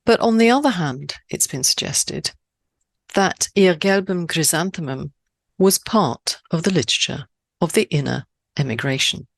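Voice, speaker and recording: A woman from Switzerland hosting a poetry podcast, speaking in a measured, deliberate way with lifts on key words. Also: low-pitched, gravelly, no echo. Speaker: podcast host. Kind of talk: scripted podcast narration.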